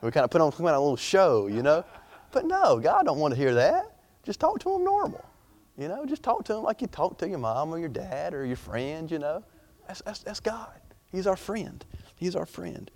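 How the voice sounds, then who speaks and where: A man's voice: fairly high pitch, wildly swooping pitch, fairly quick, darkish tone. A young man preaching an informal sermon in a chatty, rambling way, full of fillers and restarts.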